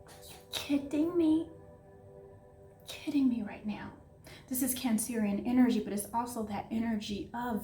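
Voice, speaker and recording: A woman giving an excitable, gushing tarot reading, talking straight to her viewers. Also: a little high, reverberant. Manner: excitable, gushing, breathless asides. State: out of breath. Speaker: tarot reader.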